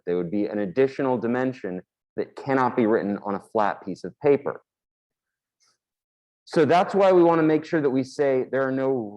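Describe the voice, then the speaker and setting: A man's voice: mid-range voice, darkish tone, highs cut off. Male math teacher, casual board lecture, plain mid-range voice. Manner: casual, explanatory, with fillers; talks while drawing on a board.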